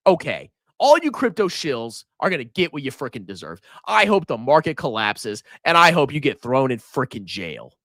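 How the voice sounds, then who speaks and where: A man hosting a finance livestream, ranting and mocking in an animated voice that swings between loud outbursts and mutters. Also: mid-range voice, moderate pace, few pauses, dry recording, clean studio sound. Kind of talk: livestream rant and stock commentary.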